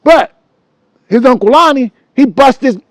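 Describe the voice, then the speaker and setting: A middle-aged man, telling a childhood story in a loose, animated way and humming tunes as he goes. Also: very high-pitched, a little slow, no room sound. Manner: animated and loose, acts out voices and hums tunes. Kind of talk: casual storytelling.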